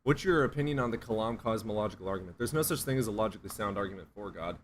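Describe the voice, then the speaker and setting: A man's voice: on the low side, lively intonation, racing, slight background noise. A man streaming and answering chat questions in a blunt, profane, sarcastic way. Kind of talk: casual livestream chat.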